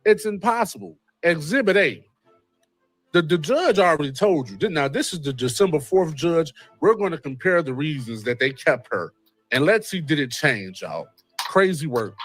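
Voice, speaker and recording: Lively, expressive man hosting commentary. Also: on the high side, moderate pace, faint music behind. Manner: animated, repeats a catchphrase, wry asides. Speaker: host. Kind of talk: casual commentary on a court case.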